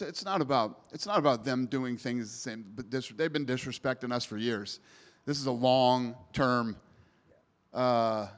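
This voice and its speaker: A man answering reporters at a press scrum, blunt and emphatic, swearing casually. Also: mid-range voice. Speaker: promotion CEO at media scrum. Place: post-event press area. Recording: long hall reverb.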